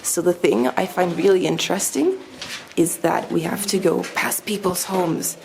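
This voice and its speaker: A woman hosting a travel vlog narrates upbeat and chatty as she walks through the stairs and courtyards of an old haveli mansion hotel, giving a room tour. Her voice is on the low side with vocal fry at a moderate pace, and there's noticeable background noise.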